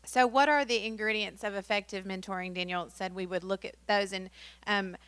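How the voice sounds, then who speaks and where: A woman's voice: mid-range voice, steady tone, a little fast, a bit bright, clean tone, dry recording. A woman presenting a training workshop in a chatty way, with many fillers. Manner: chatty, many fillers, acts out quotes in story.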